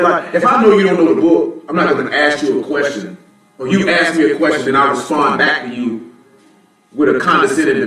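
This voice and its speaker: A man's voice: a little high, fairly bright tone. A man gives informal, blunt Bible teaching, talking conversationally and often asking "you know what I'm saying". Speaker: teacher at a religious assembly. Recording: very echoey room, voice from a distance.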